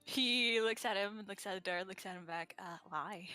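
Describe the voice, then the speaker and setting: A woman's voice: mid-range voice, moderate pace, pushed and bright, clear, resonant tone, no echo, soft background music. A woman playing a tabletop role-playing game, teasing and giggling as she plays. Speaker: player. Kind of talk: casual tabletop role-play.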